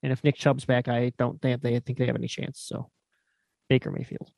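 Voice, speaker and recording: A man's voice: medium pitch, monotone, a little fast, gravelly, darkish tone, no echo. A man chatting casually as co-host on a sports podcast, offhand and rambling.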